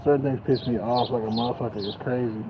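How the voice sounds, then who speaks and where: A young man livestreaming from outdoors on grass, rambling casually and cursing in frustration, his voice rising loud and dropping to mutters. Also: mid-range voice, fairly even intonation, fast, dull audio, heavy background noise. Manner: profane, frustrated, swings loud and quiet.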